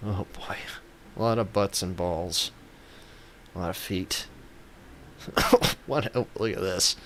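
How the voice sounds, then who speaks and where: A man's voice: low voice, slow, fairly bright tone, a little hiss or hum. A man giving comedic gameplay commentary as a gaming YouTuber, joking in a playful, mock-reverent way.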